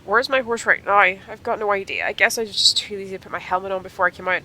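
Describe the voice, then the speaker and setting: A woman voicing an injured young woman rider, reading game dialogue aloud in a lively, upbeat voice. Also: mid-range voice, fast talker, a little hiss or hum, low-quality recording. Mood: chatty.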